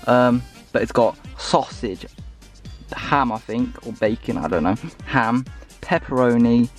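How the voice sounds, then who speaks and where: Talking to viewers from inside his car, a young man keeps his casual driving vlog chatty and full of profanity. His voice is mid-range and a bit slow, with clear car and road noise and faint music behind.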